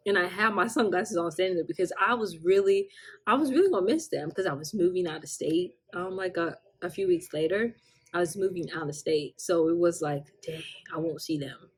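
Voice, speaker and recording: A woman's voice: lowish voice, fairly quick, breathy edge. A young woman vlogger telling a casual storytime with lots of animation, acting out quotes and laughing often.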